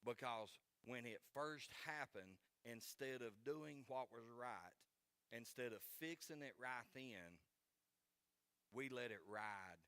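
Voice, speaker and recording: A pastor in his forties delivers a sermon with a middle-of-the-road male pitch. He speaks in a folksy, earnest way and leans on repetition to drive his points home. The sound is dry, with almost no room echo. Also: takes it slowly, fairly bright tone, clear, resonant tone. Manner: earnest, folksy, repeats key phrases for emphasis.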